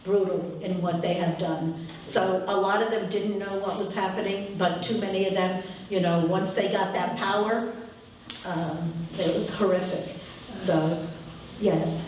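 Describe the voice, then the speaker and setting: A woman's voice: medium pitch, steady tone, unhurried, darkish tone. Brief: earnest woman speaker at a public talk, echoey hall, mic far off, faint background hiss. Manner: earnest, emphatic, repeats herself. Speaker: speaker addressing an audience.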